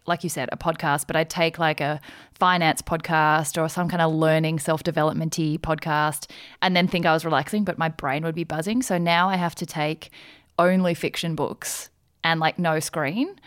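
Chatty woman, lowish voice. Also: dry recording, studio quality. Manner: chatty and laughing often. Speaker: podcast guest. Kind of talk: casual chat.

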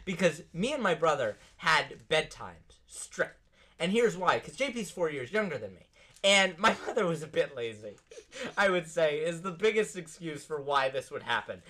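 A young man hosting a podcast, telling a story in a casual, animated way and laughing often. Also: a little high, normal speed. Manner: animated, laughing often, acts out quoted voices. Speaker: podcast host. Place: podcast studio.

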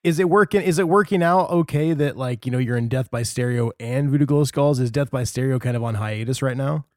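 A man hosting a podcast, asking questions in a relaxed, friendly way, quick to laugh. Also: medium pitch, no echo, clean studio sound. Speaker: podcast host. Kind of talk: casual interview chat.

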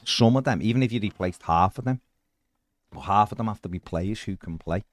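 Podcast co-host, male, very deep voice, relaxed football chatter, dry close sound. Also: a little fast, no echo. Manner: chatty, reads out viewer comments. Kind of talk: casual football chat.

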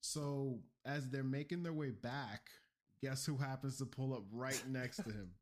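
A man on a casual podcast, recapping a story with energy and a loose, rambling flow. His voice sits in an ordinary middle pitch. He drops slang as he talks. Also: steady tone, a little slow, a little hiss or hum. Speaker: podcast co-host. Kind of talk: casual lore recap chat.

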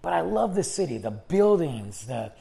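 This podcast host is a man whose voice is a little high, gravelly yet mellow, very animated and at normal speed. In his casual solo monologue he rambles and chats, restarting sentences as he loses his voice.

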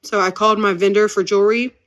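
A woman's voice: mid-range voice, fairly even intonation, fast, a bit bright. A woman, chatting casually as host of her own podcast, upbeat and very talkative. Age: 30s. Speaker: podcast host and business owner. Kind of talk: casual chat.

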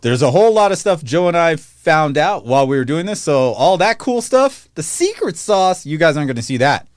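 A man co-hosting a casual audio podcast, full of teasing jokes. His pitch swings widely as he talks, sitting a little higher than most men. The sound is dry and close, with little room around it. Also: sing-song, fairly quick, dry recording. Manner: joking, playful, teasing. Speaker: podcast co-host. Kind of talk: casual chat on a live stream. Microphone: desk mic over a streaming call.

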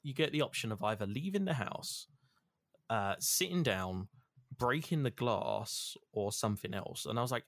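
A man's voice: mid-range voice, normal speed, no echo, clean studio sound. A man co-hosting a casual chat, retelling his game choices animatedly and swearing freely. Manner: animated storytelling, swears freely, acts out quotes. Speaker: podcast co-host.

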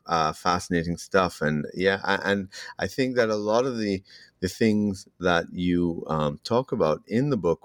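Interviewer, man, very deep voice, dry close recording, halting and full of fillers. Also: no echo. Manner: halting, filler-heavy questions. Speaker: podcast interviewer.

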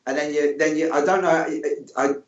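A man's voice: on the high side, fairly even intonation, fairly quick. A man hosting a podcast interview, chatty and jokey, often repeating his words. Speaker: podcast host. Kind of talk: casual interview. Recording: distant, echoey, muffled room sound.

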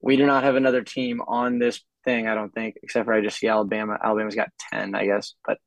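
A man in a casual sports chat, enthusiastic and quick to agree. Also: lowish voice, level tone, vocal fry, rough recording.

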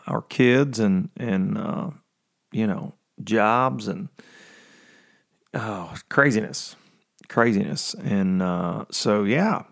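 A man's voice: on the low side, gravelly. A man hosting a podcast in casual chat, rambling and joking with many fillers, in his early morning voice. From Tennessee. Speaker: podcast host.

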